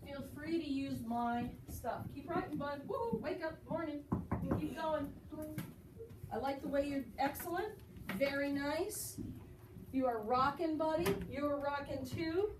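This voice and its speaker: A woman teaches a roomful of children, her voice high and encouraging. She is heard from across an echoey classroom. Noise runs under her voice throughout. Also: a little slow, distant mic. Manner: encouraging, praising students often. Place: school classroom. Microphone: recorded from across the room.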